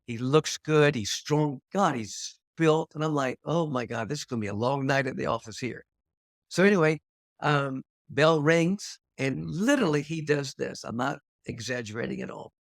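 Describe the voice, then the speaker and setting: An older man, a podcast host, telling a personal fight story in an animated way and acting out the scenes. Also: fairly high pitch, gravelly, dry recording, clean studio sound.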